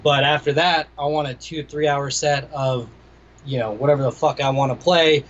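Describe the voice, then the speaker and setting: A man's voice: on the high side, steady tone, moderate pace. A young adult man, a DJ and producer, chatting casually in an interview, laid-back and rambling with plenty of swearing. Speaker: DJ and music producer, guest. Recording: slightly dull lo-fi audio.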